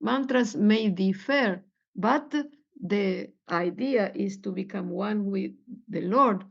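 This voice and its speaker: A woman giving a meditation lesson, halting and searching for words with many fillers. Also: mid-range voice, vocal fry. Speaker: spiritual teacher. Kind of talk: meditation teaching talk. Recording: dull lo-fi recording.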